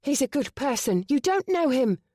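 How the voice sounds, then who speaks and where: A woman's voice: sing-song, normal speed, dark tone, dry recording, clean studio sound. A man voicing a pleading young noblewoman. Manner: pleading, raised high voice. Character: young noblewoman, frightened but defiant. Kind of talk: audiobook character voice.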